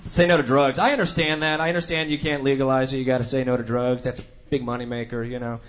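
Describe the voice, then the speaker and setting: A man's voice: medium pitch, little pitch movement, fast talker. Wry sarcastic male stand-up. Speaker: stand-up comedian. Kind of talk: stand-up routine.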